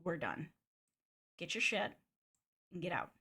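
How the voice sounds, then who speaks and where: A woman's voice: mid-range voice, animated, moderate pace, a bit bright. A woman mimicking a curt, angry young man.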